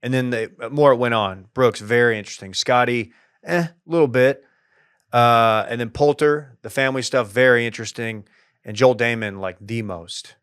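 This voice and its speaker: Smooth-voiced joking man. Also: medium pitch, normal speed, no echo, studio quality. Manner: animated, joking, laughs often. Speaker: podcast co-host leading the segment. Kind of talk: casual sports chat.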